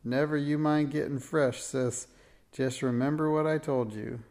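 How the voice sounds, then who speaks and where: A man doing a pudgy storybook constable who bullies a little girl with gruff threats. The voice is gravelly and loud. It has a pushy, blustering edge. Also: medium pitch, fairly even intonation, measured pace, close to an everyday voice.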